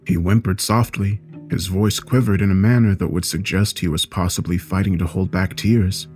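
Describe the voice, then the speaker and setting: A man reading a scary story aloud in a measured, steady storytelling voice. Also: sits low, faint music behind. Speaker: narrator. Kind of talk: scripted horror story narration.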